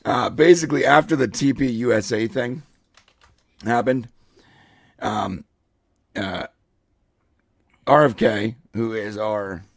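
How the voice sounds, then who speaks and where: A congested man hosts a loose podcast chat in a rough, gravelly voice with a husky edge. He rambles and jokes, filling gaps with ums and clearing his throat. The sound is dry and close. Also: medium pitch, slow, pauses often, dry recording. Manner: rambling, joking, frequent fillers and throat clearing. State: congested, hoarse voice. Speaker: co-host.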